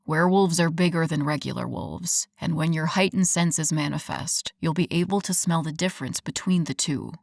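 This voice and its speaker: A woman voicing a teasing, protective young werewolf man in a low, rough, playful way, in an audiobook. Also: normal speed, few pauses, dry recording, clean studio sound. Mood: explaining.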